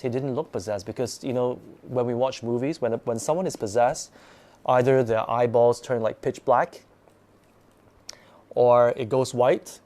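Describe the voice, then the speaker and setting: A man's voice: medium pitch, moderate pace, darkish tone. A man hosting a live stream, telling his own ghost stories in a rambling way, full of restarts and sudden bursts of acting out.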